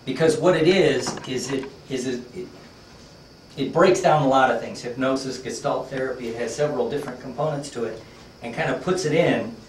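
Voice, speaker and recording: A man's voice: mid-range voice, fairly quick, roomy sound, distant mic, a little hiss or hum, rough recording. A man teaching a workshop class, telling a story in a conversational, folksy way with lots of fillers. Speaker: workshop trainer.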